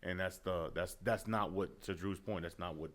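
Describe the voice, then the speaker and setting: A man's voice: deep voice, fairly even intonation, moderate pace, fairly bright tone. A man hosting a casual podcast who talks earnestly about business and perseverance, often saying "man". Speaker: podcast host and business owner.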